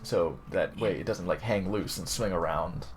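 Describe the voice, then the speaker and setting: With soft music playing behind him, a low-voiced man acting as a tabletop game master narrates at a moderate pace, rambling through many restarts and laughs.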